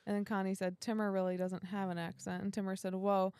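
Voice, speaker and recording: A woman's voice: medium pitch, little pitch movement, fast, a little mellow, smooth, no echo, clean studio sound. A woman co-hosting a casual livestream, reading chat comments aloud and laughing easily.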